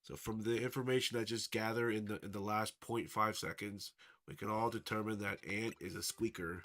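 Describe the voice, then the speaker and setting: A man's voice: lowish voice, fairly even intonation, normal speed, fairly bright tone. A young man chatting casually on a live stream, rambling and answering viewers' chat messages. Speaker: livestreamer. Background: faint background music.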